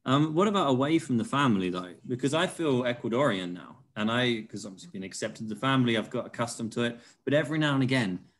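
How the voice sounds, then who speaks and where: A man's voice: mid-range voice, lively intonation, fast, few pauses. A man hosting a podcast, telling chatty anecdotes in an easygoing way. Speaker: podcast host. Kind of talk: casual interview chat.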